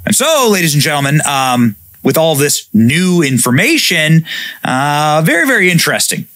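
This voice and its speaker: A man hosting a commentary show, reading out news and reacting in an animated way. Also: fairly high pitch, normal speed, dry recording. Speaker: host.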